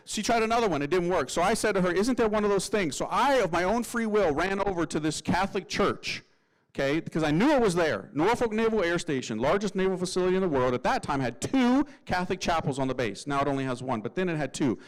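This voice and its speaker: A man who is a Catholic priest, telling a humorous testimony in a lively, slangy way and acting out the voices of people in his story. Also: sits high, fast talker, rough recording.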